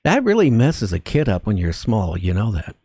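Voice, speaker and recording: A male radio host asks his guest questions, his pitch rising and falling in a lively way. He often trips over his words and repeats them, and the sound is dry and close. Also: normal speed, husky, dry recording. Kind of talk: radio interview.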